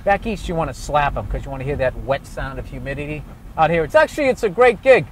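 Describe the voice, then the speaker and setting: A man's voice: on the high side, big pitch swings, fast talker. A man, a comedian, ranting profanely and sarcastically about traffic while driving through city streets. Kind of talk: casual rant while driving.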